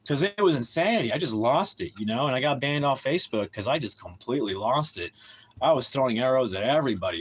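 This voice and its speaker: A man's voice: mid-range voice, animated, fairly quick, slightly rough, poor audio. Profane, heated man ranting on a livestream. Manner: heated, profane, rambling with many restarts; bitter and aggrieved. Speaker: livestream host.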